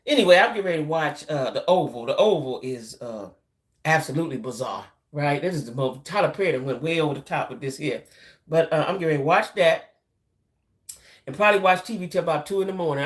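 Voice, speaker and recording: A deep-voiced middle-aged woman runs a casual, loose live-stream chat with her viewers as a YouTube channel host. Her manner is chatty and loose; she tends to repeat herself and refers to the audience as y'all.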